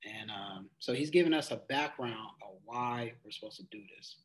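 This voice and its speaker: A man's voice: medium pitch, normal speed, low-quality recording. A man leading a casual Bible study, reading verses aloud in old-fashioned wording and then explaining them in loose, everyday talk full of "it's like.". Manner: conversational, loose phrasing with frequent "it's like".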